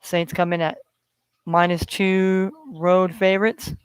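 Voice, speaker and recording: High smooth-voiced podcast host. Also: male voice, level tone, takes it slowly, dry recording. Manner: rambling, filler-heavy. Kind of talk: solo sports betting talk.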